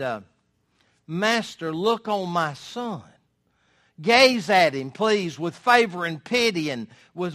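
A male preacher with a high, bright, forceful voice. He delivers his sermon emphatically, firing off rhetorical questions. He reads scripture aloud and unpacks it line by line.

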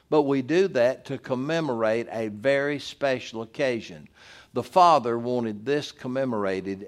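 A man preaching a communion sermon as pastor, emphatic and building to forceful repeated declarations. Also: medium pitch.

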